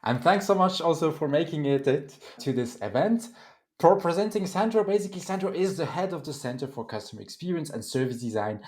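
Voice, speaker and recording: French-accented male moderator, lively intonation, casual introductions with frequent "uh"s. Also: fairly high pitch, fairly quick. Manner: lively, animated delivery with frequent fillers. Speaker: host and moderator. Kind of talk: online panel introductions.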